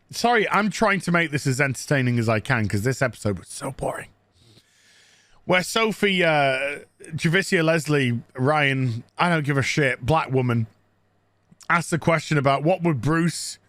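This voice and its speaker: A man's voice: fairly high pitch, a bit bright, dry recording. A man giving a crude, sarcastic, mocking recap of a TV episode as a show reviewer.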